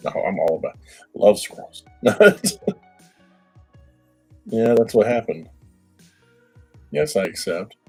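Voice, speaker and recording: Husky-voiced man rambling on a livestream. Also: lowish voice, lively intonation, slow pace, long pauses, dark tone, faint music behind, poor audio. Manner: rambling, repeats words, laughs often. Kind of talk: casual livestream chat with viewers.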